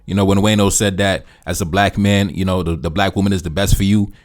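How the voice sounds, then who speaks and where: A man's voice: low-pitched, flat delivery, brisk. A man hosting reaction commentary in a preachy, repetitive way, often calling the listener brother. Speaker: commentary channel host.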